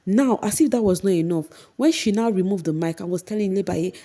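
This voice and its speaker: Mellow-voiced Nigerian woman recapping gossip. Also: fairly quick, few pauses. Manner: animated retelling, acting out quotes in a high voice. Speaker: reality show recap host. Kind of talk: casual commentary.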